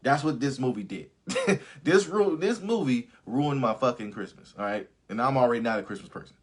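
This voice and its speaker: A man's voice: medium pitch, a little fast. A young man hosting a live movie review, ranting casually with lots of swearing and laughter. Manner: profane, animated, laughs often. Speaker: host of a live review stream.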